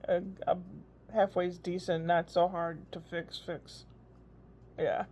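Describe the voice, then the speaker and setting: A woman's voice: on the low side, flat delivery, takes it slowly, darkish tone, a little hiss or hum. An older woman, a grandmother, chatting in a rambling, casual video diary. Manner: chatty, rambling, frequent laughs. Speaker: vlogger. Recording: dull lo-fi recording.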